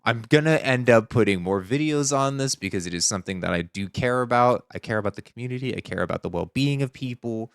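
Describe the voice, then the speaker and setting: A male streamer talks straight to his viewers in a smooth, clean voice, set in the middle of a man's pitch. He sounds earnest and indignant and keeps circling back to hammer the same point. The sound is close and dry, with no room around it. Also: lively intonation, quick pace, hardly any pauses, no echo. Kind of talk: casual commentary to camera.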